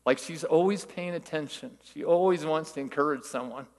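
A man's voice: fairly high pitch, normal speed, in a large hall. An older man giving a conversational sermon, telling folksy stories and asking rhetorical questions. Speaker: church teacher.

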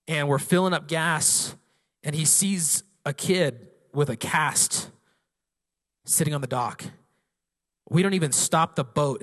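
A man pastor preaching a sermon to his congregation, swelling into loud, passionate declarations and then easing into storytelling. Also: on the high side, in a large hall. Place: church sanctuary.

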